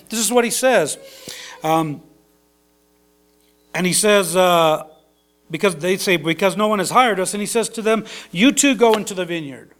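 A man's voice: high voice, fairly bright tone. A man giving an informal sermon, reading scripture and explaining it in a conversational way with asides and fillers. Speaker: preacher.

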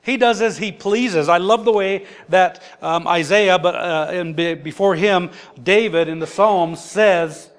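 A man's voice: sits high, a little slow, hardly any pauses, clear, resonant tone. A man preaching a sermon in an emphatic, conversational way. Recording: long echoey hall reverb.

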